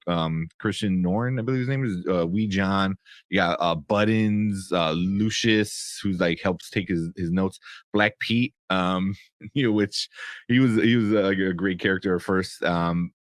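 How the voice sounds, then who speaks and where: A man's voice: low voice, dry recording, clean studio sound. A young man giving a casual spoken review of a show, rambling with lots of fillers and restarts.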